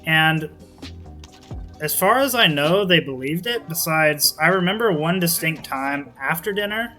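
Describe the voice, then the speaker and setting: Late-teen guy, casual vlogger; rambling, profane storyteller with a bright, slightly high voice. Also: expressive, a little slow, soft background music. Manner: rambling, profane, lots of "kinda like" and fillers.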